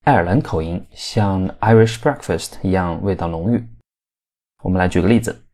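A man hosting a language podcast in calm, guiding lesson narration. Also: deep voice, normal speed. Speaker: podcast host.

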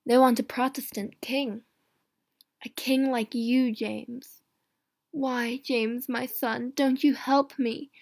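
A woman reading an audiobook in the first person, with a measured, earnest delivery that turns emphatic in pleading passages. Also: on the high side, darkish tone, dry recording, studio quality. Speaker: audiobook reader.

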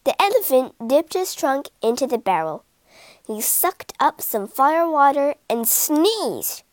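A woman narrates an animal storybook for English learners, reading slowly and clearly. Her high voice rises and falls a lot as she tells it. The recording is close and dry. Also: no room sound. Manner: slow, clear, expressive reading.

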